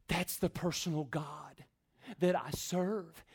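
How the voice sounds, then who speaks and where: Pastor, high voice, middle-aged, preaches with dramatic pauses and hushed-to-loud swings. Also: male voice, animated. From Texas. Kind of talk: sermon.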